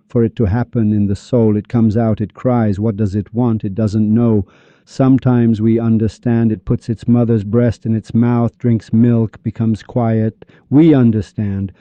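A man's voice: lowish voice, mellow, dry recording, muffled recording. A man lecturing on mystical poetry who repeats phrases and acts out little dialogues. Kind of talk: animated lecture.

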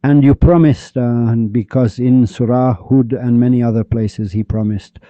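Man giving a religious lecture, super dark mellow voice, dull lo-fi sound, really emphatic. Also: mid-range voice, steady tone, measured pace, no room sound. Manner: emphatic, dramatic, addresses listeners directly. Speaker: religious teacher. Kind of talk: lecture explaining poetry and scripture. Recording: dull lo-fi dry recording.

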